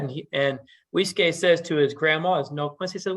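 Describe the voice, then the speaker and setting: A man telling a traditional story casually at a community meeting, relaxed and animated. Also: a little high, fairly quick.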